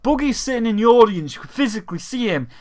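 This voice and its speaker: A man's voice: very high-pitched, fast talker. A young man ranting casually about a televised event, swearing often and breaking into mocking impressions of others. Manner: profane, animated, slips into mocking impressions. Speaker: gaming vlogger.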